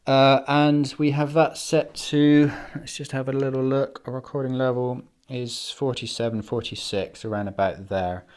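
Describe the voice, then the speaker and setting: A man's voice: mid-range voice, fairly even intonation, moderate pace, hardly any pauses, darkish tone. A man casually talking through a microphone test, self-deprecating and rambling, with plenty of fillers and restarts. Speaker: video maker testing microphones. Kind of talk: casual, unscripted equipment walkthrough. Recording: roomy, echoey indoor recording.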